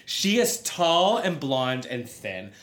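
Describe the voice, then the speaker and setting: A woman's voice: very deep voice, takes it slowly, echoey room. A woman in her thirties, co-hosting a podcast, telling funny stories about herself in a casual chat. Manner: animated, self-mocking storyteller. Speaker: podcast co-host.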